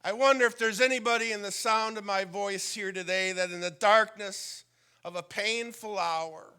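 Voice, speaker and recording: Bright, high-voiced preaching man. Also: steady tone, moderate pace, clean tone. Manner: builds from quiet teaching to fervent preaching; drops to a whisper when quoting a prayer. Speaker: pastor. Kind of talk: sermon.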